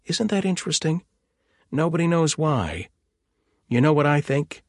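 A man's voice: mid-range voice, normal speed, gravelly, slightly rough, dry recording, clean studio sound. A man voicing an enthusiastic, long-winded rancher in a storybook reading. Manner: chatty, enthusiastic, over-explaining.

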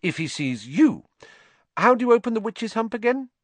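A man voicing a quick-witted, bossy schoolgirl, crisp and decisive in his reading. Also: high voice, big pitch swings, dry recording, voice pushed up. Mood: brisk.

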